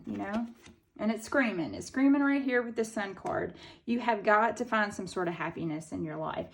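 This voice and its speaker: A woman's voice: mid-range voice, moderate pace, gravelly, a little hiss or hum. A woman in her thirties with a Southern US accent giving a casual tarot reading, blunt and chatty, swearing freely and using lots of fillers. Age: 30s. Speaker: tarot reader.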